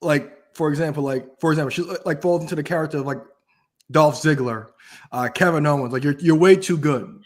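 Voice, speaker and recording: A man's voice: fairly high pitch, fairly even intonation, brisk. A man co-hosting a wrestling podcast, talking as an enthusiastic and emphatic fan. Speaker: podcast co-host. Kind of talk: casual wrestling chat.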